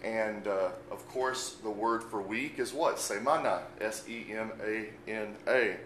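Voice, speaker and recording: A man's voice: lowish voice, a little slow, a bit bright, roomy sound, slight background noise, low-quality recording. A man giving an unscripted language lesson, speaking patiently and spelling words out letter by letter. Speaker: Spanish teacher.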